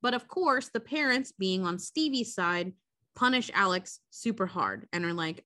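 Bright-voiced woman cohost, kinda high, swearing a lot while she recaps a movie, super dry close mic. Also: moderate pace, no room sound. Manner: profane, animated retelling with quoted character voices. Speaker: podcast co-host. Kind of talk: casual chat recapping a movie.

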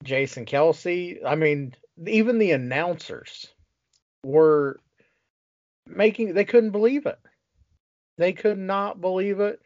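A man's voice: high voice, lively intonation, slow pace, long pauses, a little mellow, no echo. A man co-hosting a casual sports talk show, ranting with exasperation and plenty of swearing. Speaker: podcast co-host. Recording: dull lo-fi sound.

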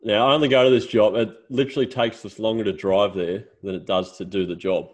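A man's voice: lowish voice, steady tone, fast. An Australian man co-hosting a podcast, telling stories in a casual, swearing way. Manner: swearing storyteller. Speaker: podcast co-host. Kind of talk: casual chat.

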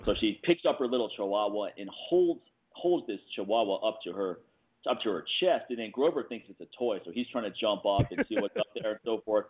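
A man hosting a casual podcast, telling lively stories and laughing often as he talks. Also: on the low side, brisk, muffled recording. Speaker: podcast host.

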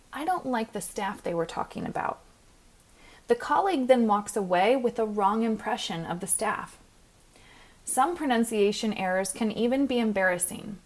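Clear, measured woman podcast host. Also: mid-range voice. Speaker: podcast host and pronunciation coach. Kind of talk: scripted podcast monologue.

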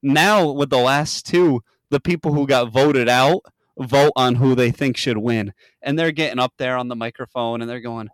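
A man's voice: mid-range voice, moderate pace, clean tone, no room sound. A man hosting a podcast, retelling a reality show in casual chat, swearing a lot and acting out the quotes. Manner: animated storyteller, swears a lot, acts out quotes in a raised voice. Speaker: podcast host.

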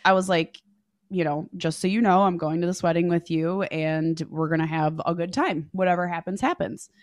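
A young woman on a podcast telling a dating story, animated and profane, acting out what people said. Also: fairly low pitch, brisk, dry recording, studio quality. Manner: animated, swears freely, acts out quotes. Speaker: podcast guest. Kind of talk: casual storytelling chat.

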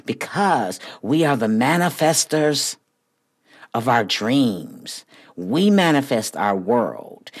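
A woman hosting a motivational podcast, talking in a preachy, emphatic way that swells to near-shouting. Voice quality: husky, low voice. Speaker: podcast host.

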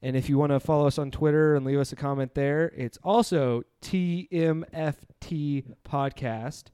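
A man's voice: on the high side, steady tone, normal speed, dark tone, clean tone, dry recording, clean studio sound. A man hosting a casual movie podcast, talking in a loose, rambling, self-deprecating way. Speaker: podcast host.

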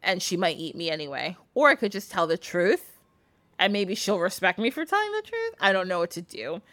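A weary young heroine from a folk tale, as a woman storyteller puts her on. She sounds exasperated and put-upon, and her voice often lifts higher than the teller's own. The delivery is dry and close. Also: very animated, a little fast, a bit bright, dry recording. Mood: torn.

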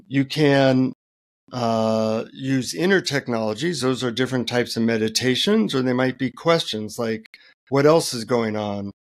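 A middle-aged man, a guest author, telling relaxed anecdotes in an interview with many fillers. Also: mid-range voice. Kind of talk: interview storytelling.

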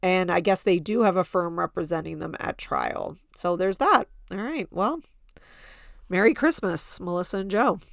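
Chatty woman podcast host, low voice. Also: moderate pace, creaky, no room sound, studio quality. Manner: chatty, lots of "like" fillers, mocking quotes. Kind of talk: casual gossip chat.

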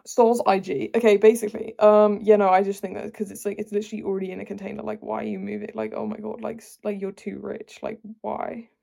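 A woman's voice: mid-range voice, level tone, quick pace, gravelly, hardly any pauses, mellow. A young woman hosting a solo podcast, rambling and exasperated, full of filler words. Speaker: podcast host. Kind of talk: casual solo chat.

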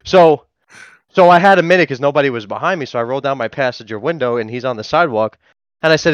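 A man's voice: mid-range voice, quick pace, no room sound. Man telling a profane story, dull lo-fi. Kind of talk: casual storytelling. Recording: dull, dry lo-fi sound.

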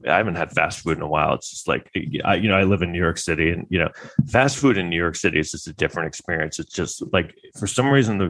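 A man's voice: low-pitched, a bit bright. A man talking in a rambling, wry casual monologue, full of fillers and restarts.

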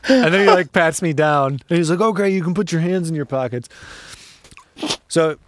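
A man's voice: fairly high pitch, normal speed, dry recording. A podcast host spins a story in a loose, profane way. He laughs often and acts out the voices of the people in it. The mic is close and dry.

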